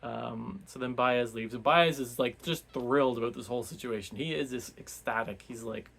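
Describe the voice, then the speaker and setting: A man's voice: mid-range voice, moderate pace, vocal fry, hardly any pauses, a bit bright. A man giving a casual, rambling recap of a novel for a book club, full of restarts and fillers.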